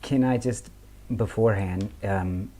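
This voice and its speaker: A man guesting on a podcast, talking quietly in a hushed, low-key way, casual and laughing. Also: a little slow. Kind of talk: casual chat.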